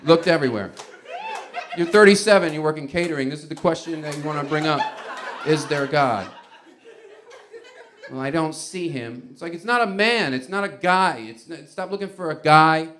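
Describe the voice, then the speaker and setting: On a comedy club stage before a live audience, a man performs a stand-up set, rambling conversationally and often laughing at his own bits. His voice is fairly high and fairly quick, with a noisy background.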